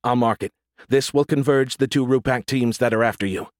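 A man narrating an audiobook voices a sharp young woman who gives brisk, urgent orders over a radio link. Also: mid-range voice, no echo, clean studio sound, lightly acted.

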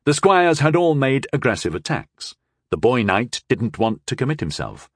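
A man narrating a first-person fantasy audiobook in a wry, expressive way. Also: medium pitch, moderate pace, breathy edge, dry recording, studio quality.

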